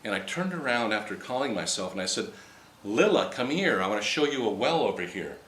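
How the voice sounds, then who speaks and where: A man telling a personal story to a group in casual, animated style, rambling with restarts and acting out the dialogue he quotes. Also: lowish voice, a little fast. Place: meeting room with a live audience. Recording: roomy hall with faint ambience.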